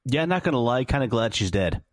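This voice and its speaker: A man's voice: mid-range voice, sing-song, brisk. A man playing a tabletop role-playing game, making wry jokes and narrating his character's actions. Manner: wry joking. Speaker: player.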